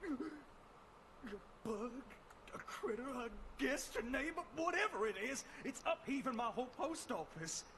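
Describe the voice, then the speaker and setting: Man playing a jittery folksy southern man, Southern US accent, very high and lively pitch, faint background hum. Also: measured pace, full character voice. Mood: flustered. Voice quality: folksy drawl, exclamatory.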